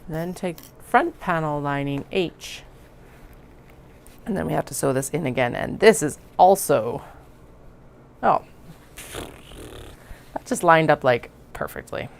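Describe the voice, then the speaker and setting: A woman with a low voice and a gravelly fry narrates her sewing in a relaxed, chatty way. She murmurs to herself between steps. A faint hiss sits behind her. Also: takes it slowly, pauses often. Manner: chatty, self-talking while working. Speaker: crafter sewing on stream. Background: sewing machine running.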